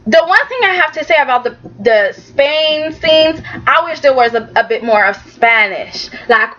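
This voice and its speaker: A woman with a high voice chats through a soap opera recap, sassy and animated, slipping into the characters' lines as she tells it. The recording sounds a little dull and lo-fi. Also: a little slow, hardly any pauses. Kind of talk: casual recap vlog.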